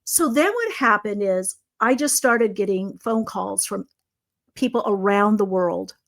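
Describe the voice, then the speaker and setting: A middle-aged woman tells stories from her life as a psychic guest on a conversational show. She switches into the voices of people she quotes and often breaks off and restarts her sentences. Her voice sits at an ordinary middle pitch. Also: unhurried. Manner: animated, acts out quoted dialogue, frequent restarts. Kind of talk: casual storytelling. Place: video conversation.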